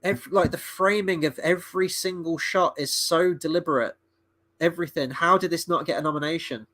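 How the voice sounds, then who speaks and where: A man with a fairly high, bright, forceful voice talks through a live awards watchalong. He is chatty and excitable, swearing freely as he reacts. His voice sounds close and dry. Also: fairly quick, dry recording. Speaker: livestream host and movie reviewer. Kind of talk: casual live watchalong commentary.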